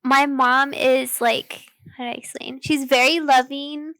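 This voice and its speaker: High-voiced young woman speaking thoughtfully. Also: flat delivery, a little slow, no room sound. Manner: thoughtful, soft-spoken, frequent "like". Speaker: podcast co-host. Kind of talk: casual faith podcast chat.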